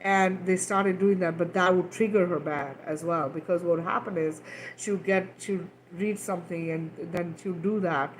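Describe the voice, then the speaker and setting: A woman's voice: fairly low pitch, steady tone, moderate pace, slight background noise, poor audio. A woman, a mother, talking frankly and earnestly to camera in a casual spiritual chat, often checking in with "right?" and "okay?". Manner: earnest and emphatic, swears casually. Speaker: mother of two daughters.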